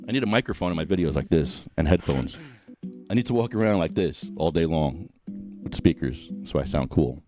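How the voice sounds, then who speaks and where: A man's voice: rumbling low, expressive, brisk, dark tone, faint music behind. A man hosting a podcast in casual chat, joking around and slipping into silly voices. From New Jersey. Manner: jokey, slips into goofy voices. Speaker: podcast host.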